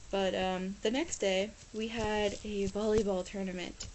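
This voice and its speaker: A teenage girl from Ohio talks to her camera in a loose, rambling vlog chat, her clear as she piles up "like" and restarts sentences. Her voice sits at an ordinary middle pitch. A faint hiss of noise runs under the recording. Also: level tone, brisk, few pauses. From Ohio, USA. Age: teens. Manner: rambling, chatty, full of "like" and restarts. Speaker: exchange student vlogger. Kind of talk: casual chat.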